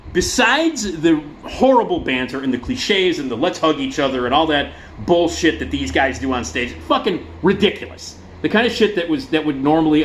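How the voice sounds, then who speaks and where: Man vlogger, sarcastic, profane ranter, voice a touch high. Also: a little hiss or hum. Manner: profane, sarcastic, animated ranting. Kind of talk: casual ranting commentary.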